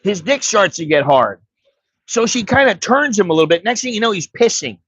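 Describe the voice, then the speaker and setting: A man's voice: high voice, sing-song, brisk, fairly bright tone, husky, dry recording. An American man telling a rambling, profane story in a blunt, casual way as an expat vlogger. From United States. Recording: dry, slightly dull recording.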